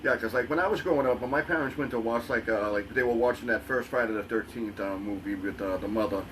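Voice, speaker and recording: A man co-hosting a podcast, telling stories in a blunt, swearing, casual voice at a middle pitch. He sounds set back from the microphone, with faint noise behind him. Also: quick pace, a bit bright, distant mic, poor audio. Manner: blunt, profane storytelling. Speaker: podcast co-host. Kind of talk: casual chat.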